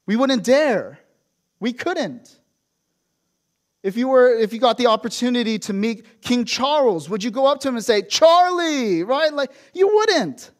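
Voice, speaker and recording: A man's voice: very high voice, animated, moderate pace, long pauses. A man preaching a sermon in a storytelling way, acting out quotes and asking rhetorical questions. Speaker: pastor.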